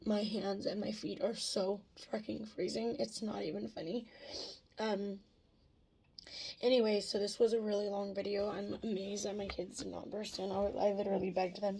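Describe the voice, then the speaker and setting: Woman vlogger, thirties, gravelly husky voice, emotional rambling chat. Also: medium pitch, mellow. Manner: emotional, rambling, frequent fillers. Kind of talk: casual catch-up vlog.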